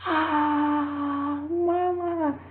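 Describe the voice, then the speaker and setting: A woman voicing an upset, crying little boy with high wailing cries. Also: steady tone, very slow, roomy sound, narrow, tinny audio, soft background music.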